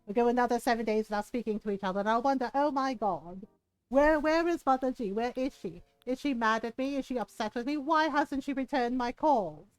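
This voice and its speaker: A woman's voice: on the high side, a little fast, clear, resonant tone, no echo, close to an everyday voice, rough recording. A woman playing a haughty diva ostrich lady. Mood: indignant. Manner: imperious, theatrical and indignant.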